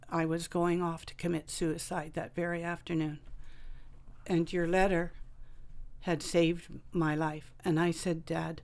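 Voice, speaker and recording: Soft-spoken woman telling a personal story. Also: fairly low pitch. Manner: halting, many fillers and restarts. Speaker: author and guest. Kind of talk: personal storytelling in a radio interview.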